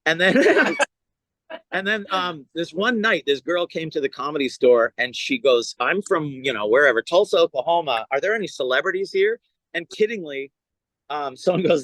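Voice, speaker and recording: Man, comedian guest, animated storyteller, fairly high voice, dry sound. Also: brisk, no echo. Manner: animated, acts out voices in his stories. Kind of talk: casual storytelling.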